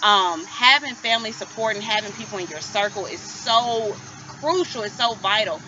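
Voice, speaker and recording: A woman's voice: medium pitch, normal speed. A woman in her thirties candidly telling her personal story as a vlogger, earnest and emotional. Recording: slightly muffled, faint hiss.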